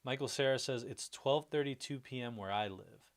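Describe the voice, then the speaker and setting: A man's voice: medium pitch, moderate pace. Chatty, rambling man hosting a livestream. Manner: chatty and rambling, with frequent restarts and "like"; upbeat and friendly toward viewers. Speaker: livestream host. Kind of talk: casual livestream chat reacting to viewer comments.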